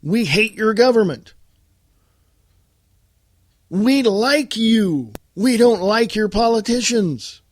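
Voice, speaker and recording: A man's voice: sits high, expressive, takes it slowly, long pauses, no room sound, studio quality. An American man hosting a political talk podcast, delivering a blunt, combative monologue straight to his listeners. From United States. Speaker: podcast host.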